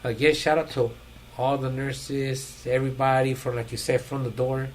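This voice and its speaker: A man's voice: medium pitch, level tone, moderate pace, slight background noise, low-quality recording. A man hosting a podcast, telling stories in slangy, profane casual chat. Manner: slangy, profane storytelling with laughs. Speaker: podcast host.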